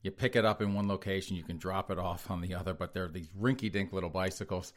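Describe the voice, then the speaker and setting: A man's voice: deep voice, fairly even intonation, fast talker. A man hosting a podcast, reading headlines and mocking them with sneering sarcasm, often laughing at his own jokes. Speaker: podcast host. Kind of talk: sarcastic news commentary.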